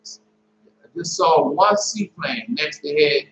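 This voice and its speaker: A man recounting his dreams in a casual, rambling way, halting often and repeating and correcting himself as he goes. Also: on the high side, fairly bright tone. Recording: roomy, dull lo-fi with faint hum.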